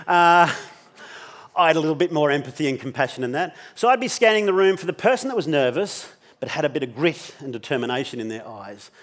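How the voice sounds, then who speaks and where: A man delivering a keynote as a lively story, his voice sitting a touch high for a man. He is animated and blunt, swears freely, and slips into the voices of the people he describes. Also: brisk. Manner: animated, swears casually, acts out dialogue. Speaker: keynote speaker.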